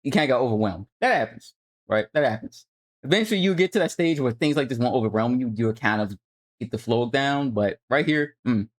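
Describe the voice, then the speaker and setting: A man's voice: mid-range voice, animated, brisk. Young man coaching casually over gameplay. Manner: laid-back, coaching, swears casually. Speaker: streamer reviewing gameplay footage. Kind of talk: casual commentary. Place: at home.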